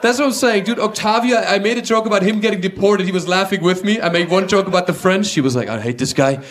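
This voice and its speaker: A German man with a German accent doing stand-up comedy and crowd work on a club stage, animated and mocking as he riffs with the audience. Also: sits high, fast talker. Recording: live club recording, clear crowd noise.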